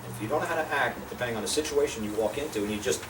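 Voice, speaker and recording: This older man from the United States races along at a medium pitch, telling a small group casual stories full of profanity and bluntness. He animates each quoted voice while offering life lessons, and the recording has a distant, roomy feel with noticeable noise behind him.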